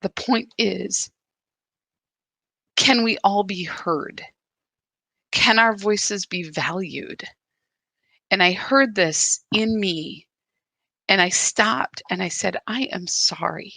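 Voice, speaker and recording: A woman's voice: mid-range voice, takes it slowly, creaky, long pauses, pushed and bright, dry recording. A woman hosting a live spiritual practice, talking in an earnest, confessional and searching way. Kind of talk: live reflective spiritual talk.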